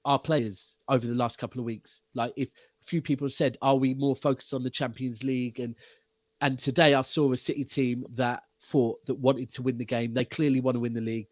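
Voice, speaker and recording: A man's voice: mid-range voice, dry recording. A man chatting casually about football on a panel, upbeat and bantering, swearing casually.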